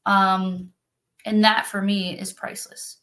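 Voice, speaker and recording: A woman's voice: mid-range voice, little pitch movement, takes it slowly, bright, forceful tone, low-quality recording. Earnest woman sharing spiritual views. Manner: earnest, emotional, many fillers. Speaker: spiritual activation practitioner. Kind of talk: casual conversational talk.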